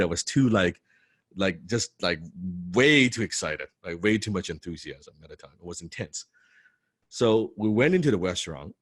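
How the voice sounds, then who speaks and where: Excitable, fast-swerving man telling a story. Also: lowish voice, no echo, studio quality. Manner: excitable, swears freely, heavy use of "right?" and "like"; restarts and repeats words often. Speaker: motivational speaker telling his story. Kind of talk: animated storytelling talk.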